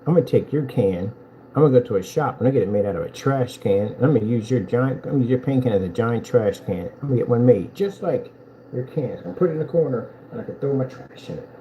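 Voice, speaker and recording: A man selling projector screens in a boastful, taunting vlog rant, telling animated stories with big swings in pitch. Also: quick pace, dull audio, a little hiss or hum. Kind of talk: ranting promotional vlog.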